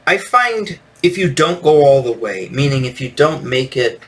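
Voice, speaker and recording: A man's voice: medium pitch, expressive, moderate pace, fairly bright tone. A man hosting a solo comics review podcast, talking casually and rambling, with lots of fillers and restarts. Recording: distant from the mic with faint noise.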